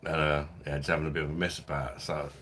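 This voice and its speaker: A man's voice: extremely low pitch, flat delivery, very fast, a bit bright, slight background noise. A man hosting a casual live stream from home, chatting and joking with viewers and laughing often in a loose, rambling way. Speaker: live-stream host reading viewer chat.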